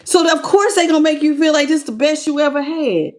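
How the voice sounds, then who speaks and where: Greeting people in the live chat by name, this woman reads tarot live with a blunt, sassy manner, calling viewers baby and honey. She speaks a little fast with few pauses, in a high-pitched, expressive voice with a darkish tone.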